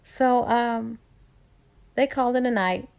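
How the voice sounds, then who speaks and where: A woman's voice: fairly high pitch, slow, creaky, a little mellow, clean tone. A woman casually retelling a book's plot in a chatty way, with fillers and restarts along the way. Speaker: book reviewer.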